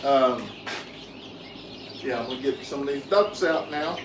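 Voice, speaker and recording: Easygoing farm vlogger. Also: male voice, medium pitch, slow pace. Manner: easygoing, soothes animals softly. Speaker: farm channel host. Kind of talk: casual farm vlog, talking to viewers. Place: outdoors on a farm with birds. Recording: echoey with loud outdoor noise.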